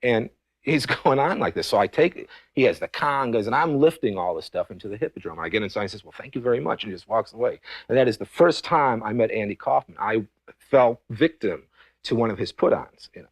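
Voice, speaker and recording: A man's voice: lowish voice, lively intonation, brisk, dry recording. A man who once booked the comedian tells a stammering anecdote, chuckling as he goes. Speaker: booker telling a story.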